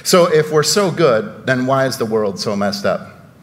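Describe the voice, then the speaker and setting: A man's voice: mid-range voice, expressive, measured pace. Man, pastor, casual sermon, rhetorical questions, sarcastic asides, long church reverb.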